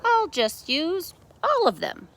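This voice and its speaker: A woman voicing a cheerful, literal-minded housekeeper in a storybook, speaking brightly and naively. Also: extremely high pitch, big pitch swings, slow, background noise, pitched above the performer's own voice, heavily acted.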